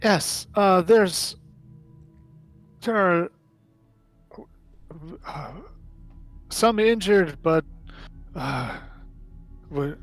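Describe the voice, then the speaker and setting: A woman's voice: on the low side, expressive, extremely slow, pauses often, faint music behind, pitched above the performer's own voice, heavily acted. A man voicing a frightened, stammering woman trapped behind a door. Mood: scared. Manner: stammering, nervous.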